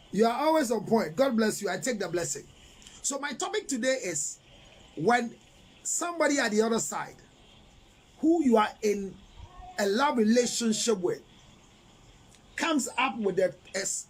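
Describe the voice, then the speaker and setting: A middle-aged relationship counselor with a Ghanaian English accent hosts a live-stream advice talk, reading out viewer messages. His voice sits high with a breathy edge, and he lectures emphatically, throwing in rhetorical questions.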